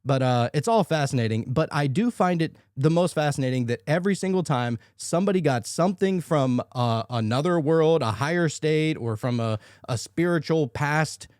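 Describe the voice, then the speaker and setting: Animated podcast host, lively pitch. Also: male voice, normal speed, hardly any pauses, no echo, studio quality. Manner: excitable, searching for words, many restarts. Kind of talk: casual podcast conversation.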